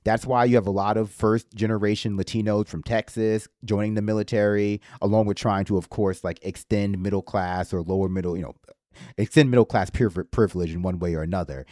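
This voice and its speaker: A man's voice: on the low side, fairly even intonation, brisk, dark tone, no room sound, clean studio sound. A man hosting a livestream in casual political commentary, with a slight lisp and a sarcastic, rambling manner that swears freely. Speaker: livestream host.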